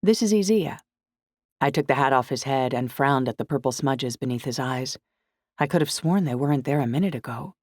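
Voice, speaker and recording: A woman's voice: very deep voice, steady tone, fairly quick, no echo. Woman reading a novel, dry close sound. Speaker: audiobook narrator. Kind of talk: scripted first-person narration.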